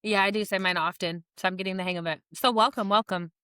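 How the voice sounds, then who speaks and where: A woman's voice: on the low side, fairly even intonation, rapid-fire, sharp tone, smooth, dry recording, studio quality. A woman co-hosting a real estate podcast, speaking in a breezy, upbeat, casual way.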